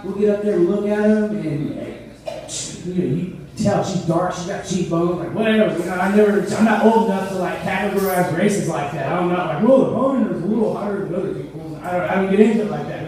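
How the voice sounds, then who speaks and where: A man's voice: high voice, a little fast, darkish tone. A man in his thirties doing a rambling, profane stand-up set, laughing at his own jokes. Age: 30s. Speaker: stand-up comedian. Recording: echoey room, mic far off.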